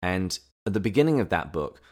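A man co-hosting a casual podcast, summarizing chapters and reflecting on them in a relaxed, thoughtful way. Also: low-pitched, a little fast. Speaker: podcast co-host. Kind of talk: casual book-discussion podcast.

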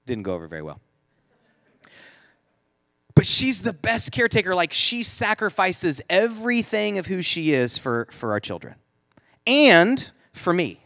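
A man's voice: sits high, huge pitch swings, a little slow, pauses often, sharp tone, dry recording. A man in his forties telling a humorous family story to an audience, chatty and self-mocking, leaning on "like" a lot. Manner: loose, chatty, self-mocking, heavy use of "like".

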